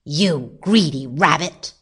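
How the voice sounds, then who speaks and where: A woman doing a shouting, grumpy gardener man. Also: sits low, expressive, slow, slightly rough, exaggerated voice. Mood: angry. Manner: shouting, scolding. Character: angry male gardener, grumpy.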